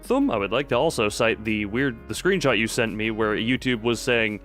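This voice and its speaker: A man's voice: lowish voice, lively intonation, moderate pace, fairly bright tone. A young man chatting casually on a late-night stream, rambling and cutting himself off mid-sentence. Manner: rambling, self-interrupting, chatty. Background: faint background music.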